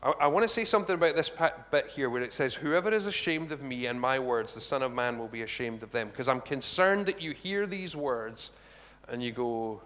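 A man giving a conversational sermon, animated and chatty, with asides to the congregation. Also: medium pitch, brisk. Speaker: preacher. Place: church hall. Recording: long reverb of a large hall.

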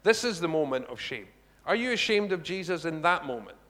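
A man giving a conversational sermon, animated and chatty, with asides to the congregation. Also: a little high, a little fast. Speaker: preacher. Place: church hall. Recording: long reverb of a large hall.

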